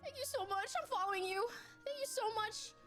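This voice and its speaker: A woman's voice: very high-pitched, fairly quick, bright, forceful tone, faint music behind. A woman streamer, flustered and nervous, gushing and repeating herself in a clip played on stream. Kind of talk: excited live stream chat.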